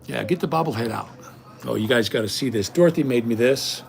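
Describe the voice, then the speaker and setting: A man's voice: medium pitch, animated, fairly quick, creaky. A middle-aged man talking casually at home in a vlog, indignant and rambling. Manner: indignant, ranting. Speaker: vlogger.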